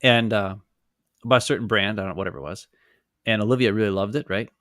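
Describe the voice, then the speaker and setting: A man's voice: lowish voice, fairly even intonation, fast, fairly bright tone, no echo, studio quality. A man from Wisconsin, co-hosting a casual sports podcast and rambling through stories in which he acts out the people he quotes. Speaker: podcast co-host. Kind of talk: casual chat.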